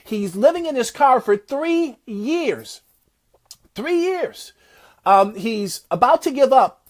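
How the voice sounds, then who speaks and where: A man giving a motivational talk, retelling a success story in an animated, preacher-like way. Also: extremely high pitch, takes it slowly. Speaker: motivational speaker.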